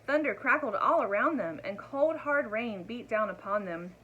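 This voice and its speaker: A woman reads a children's picture book aloud, expressive and animated, speaking straight to her young listeners. Her voice is fairly high and bright, with wide, lively swings of pitch. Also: moderate pace, slightly rough, muffled recording. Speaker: storyteller.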